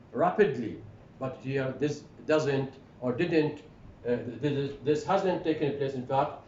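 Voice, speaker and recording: A man with an Iraqi Arabic accent, a native Arabic speaker, giving a phonetics lecture, halting with restarts and fillers, then drilling word pairs clearly. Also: a little mellow. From Iraq. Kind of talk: classroom lecture, switching between English and Arabic. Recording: roomy, dull lo-fi recording with faint rumble.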